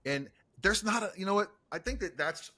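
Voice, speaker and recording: A man's voice: high voice, expressive, normal speed, sharp tone. A man hosting a podcast, chatting enthusiastically and casually, full of "like" and "dude". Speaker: podcast host, coach. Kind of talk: casual interview chat.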